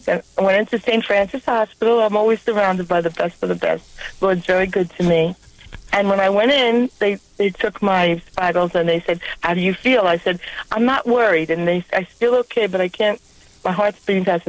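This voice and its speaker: A woman's voice: medium pitch, a little fast, dry recording. A woman with a strong New York accent tells her story over a phone line, earnest and heartfelt. The sound is dry and close, with no room around it. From New York area. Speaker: caller. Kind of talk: call-in testimony.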